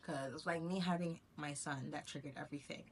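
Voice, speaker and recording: A woman's voice: low-pitched, fairly even intonation, quick pace, reverberant, a little hiss or hum. A young woman telling a rambling personal story to her viewers, with many fillers and bursts of laughter. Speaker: vlogger. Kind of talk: casual storytelling to camera.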